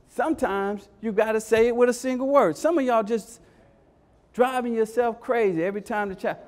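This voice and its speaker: Male workshop speaker, strikingly high voice, preacherly call-and-response, hammers repeated lines. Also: brisk. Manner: call-and-response, repeats phrases, keeps asking "Hello?". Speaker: education speaker leading a parent workshop. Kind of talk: energetic motivational workshop talk.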